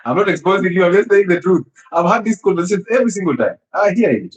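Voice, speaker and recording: A man with a fairly high voice lectures about health in an emphatic, teasing way. He laughs often and pelts his listeners with rhetorical questions. The sound rings in a reverberant room. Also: expressive, brisk, faint music behind. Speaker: health speaker. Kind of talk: animated health talk. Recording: echoey room.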